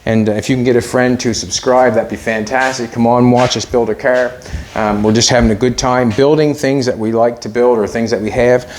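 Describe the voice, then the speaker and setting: This middle-aged host and car builder keeps up a chatty, self-directed commentary in his casual workshop vlog. His medium-pitched, darkish voice is fairly even and brisk with few pauses, over slight background noise.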